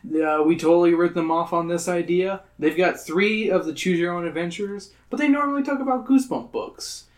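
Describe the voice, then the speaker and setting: A man's voice: high voice, a little fast, few pauses. Young man reading a gamebook aloud. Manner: profane, laughing, animated character voices in reading. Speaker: podcast host.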